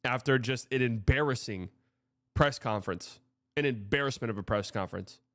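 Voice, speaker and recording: A man's voice: mid-range voice, moderate pace, a bit bright, no room sound. A man hosting a live stream, talking through sports news in a frank, rambling way, swearing often and restarting sentences. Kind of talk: casual live-stream commentary.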